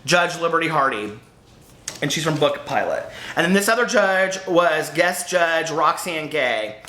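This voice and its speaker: Chatty American man, bright echoey voice. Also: a little high. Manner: chatty, rambling, lots of asides and fillers. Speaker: book vlogger. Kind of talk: casual unboxing chat to camera. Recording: echoey room.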